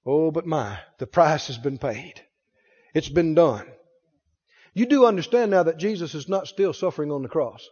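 A man's voice: on the high side, lively intonation, normal speed, a little mellow, slightly rough, long reverb tail, muffled recording. A man preaching a fervent sermon and drawing call-and-response from his congregation.

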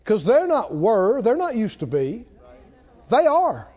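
A man preaching a sermon in a folksy, emphatic way that builds to shouting, recorded with dull lo-fi sound. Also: high voice, wildly swooping pitch, a little slow.

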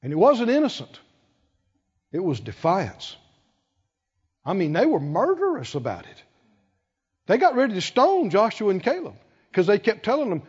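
A man preaching a sermon, acting out the people in the story and swinging from quiet talk to shouting. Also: sits high, huge pitch swings, normal speed, pauses often, husky. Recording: dull lo-fi sound with long hall reverb.

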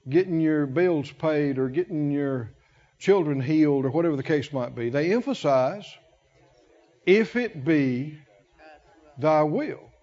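A man preaching a sermon, emphatic, repeating key words with long pauses. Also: on the high side, darkish tone, highs cut off.

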